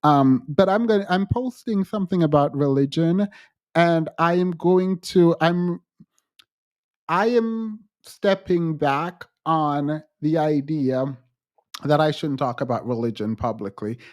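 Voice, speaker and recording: A man hosting a livestream, talking frankly to his chat in halting restarts and growing emphatic when he quotes others. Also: a little high, darkish tone. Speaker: livestream host. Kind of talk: livestream chat answering viewers.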